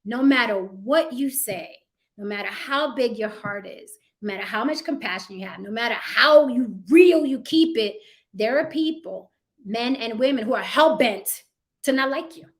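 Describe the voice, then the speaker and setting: A woman's voice: on the high side, expressive, normal speed. Blunt, profane woman hosting a livestream. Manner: addresses chat and moderators directly. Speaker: livestream host. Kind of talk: blunt live-stream commentary.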